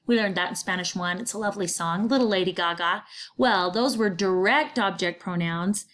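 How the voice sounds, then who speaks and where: Woman teacher, middle-aged, medium pitch, bubbly and chatty, playful asides to students. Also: moderate pace, fairly bright tone. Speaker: Spanish teacher. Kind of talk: recorded grammar lesson.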